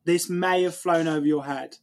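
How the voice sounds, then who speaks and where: A man's voice: a little high, fairly even intonation, normal speed. A British man co-hosting a casual podcast, laid-back and wry with casual swearing. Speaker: podcast co-host.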